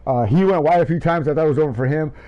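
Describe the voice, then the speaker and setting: A man commentating a sim race and interviewing drivers, shouting in excitement, then rambling. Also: fairly high pitch, rapid-fire, lo-fi sound.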